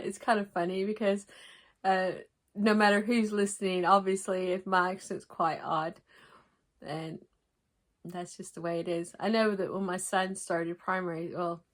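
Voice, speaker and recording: A woman with a mixed American and English accent, hosting a crafting vlog in a gentle, rambling chat to camera with frequent restarts. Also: on the low side. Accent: mix of American and English.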